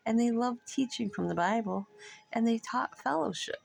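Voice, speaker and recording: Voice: medium pitch, normal speed, vocal fry, a little mellow. A middle-aged vlogger chatting casually over coffee, frank and profane, rambling and laughing between thoughts.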